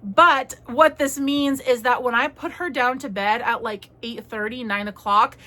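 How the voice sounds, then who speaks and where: A young woman talks in a chatty, rambling way as she hosts her crochet vlog. Her voice is bright and sits a little high, with a crisp edge. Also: measured pace. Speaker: crochet vlogger. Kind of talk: casual chat.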